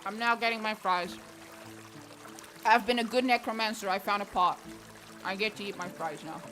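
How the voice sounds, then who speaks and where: A woman streaming a video game, chatting casually, excitable and swearing, often breaking into laughs. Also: mid-range voice, moderate pace, soft background music. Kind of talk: casual gameplay commentary.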